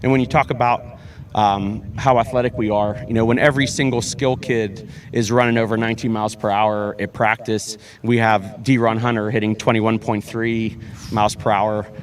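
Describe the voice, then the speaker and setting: A man, a high school football head coach, talking earnestly in a sports interview, often repeating words and restarting with fillers. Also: flat delivery, normal speed.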